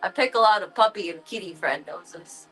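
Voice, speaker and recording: A woman's voice: mid-range voice, expressive, normal speed, fairly bright tone, breathy edge, soft background music, poor audio. A woman livestreaming from home, chatting casually and cooing playfully at her cats in baby talk.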